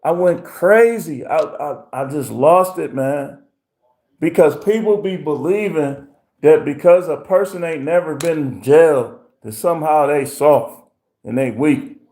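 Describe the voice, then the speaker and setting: A man hosting a livestream, telling stories in a profane, animated rant with voiced impressions. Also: fairly high pitch, unhurried. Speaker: livestream host. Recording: roomy echo.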